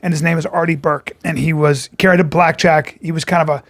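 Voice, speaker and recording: A middle-aged man, a podcast co-host telling stories in casual chat, animated and profane, acting out the people in them. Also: on the high side, fairly quick.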